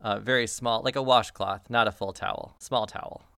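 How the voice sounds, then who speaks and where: A man narrating a tabletop game as game master, laid-back and quiet. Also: fairly low pitch, steady tone, moderate pace, creaky, clear, resonant tone, no echo, studio quality.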